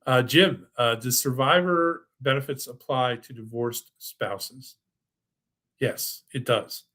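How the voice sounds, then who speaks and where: An older man leads an online financial workshop in a mid-pitched, ordinary voice. He talks in an eager, salesy way, stumbles and restarts often, then moves into a casual question-and-answer session. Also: slow pace, sharp tone. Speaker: financial advisor hosting a webinar. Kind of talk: presentation and live Q&A.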